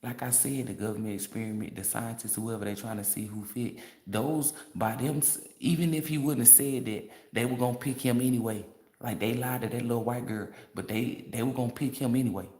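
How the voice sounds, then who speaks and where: A man's voice: mid-range voice, steady tone, a little fast, mellow. Brash, profane man in an echoey room. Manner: brash, profane, laughing often. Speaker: tarot reader. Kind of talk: casual livestream rant. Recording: roomy echo.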